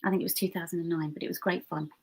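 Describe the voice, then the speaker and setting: A woman hosting an online pub quiz, reading questions slowly and chatting and giggling with viewers in between. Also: on the low side, steady tone, gravelly, heavy background noise. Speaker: quiz host.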